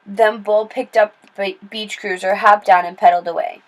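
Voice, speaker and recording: A woman reading a children's novel aloud in steady, plain storytelling with small slips and restarts. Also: medium pitch, moderate pace, poor audio. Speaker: read-aloud narrator.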